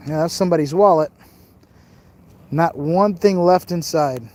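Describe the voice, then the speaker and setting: Walking over rough open terrain outside, a tired man chats on a phone livestream, holding the camera as he goes. His voice is a little high and slightly mellow, his pace unhurried, and he rambles, jokes, and reads viewers' comments aloud.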